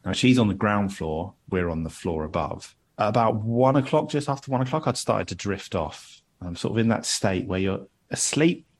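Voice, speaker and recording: A man spins a long, self-deprecating anecdote in easy chat. His voice sits low and sounds a little husky. His pitch swings widely as he tells it. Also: expressive, normal speed, hardly any pauses. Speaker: podcast host telling a story. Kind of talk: casual storytelling chat.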